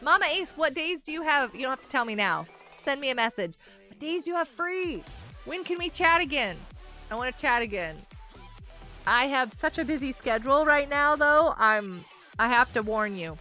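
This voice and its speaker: A woman's voice: sits high, expressive, normal speed, pushed and bright, faint music behind. A woman hosting a casual gaming livestream, chatting with viewers, giggling often and reading out chat messages. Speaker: livestream host.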